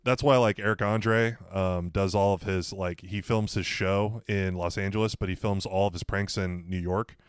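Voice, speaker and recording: A man's voice: low-pitched, fairly even intonation, normal speed, hardly any pauses, clear, resonant tone, no room sound, clean studio sound. A man in casual podcast chat, joking around and laughing often.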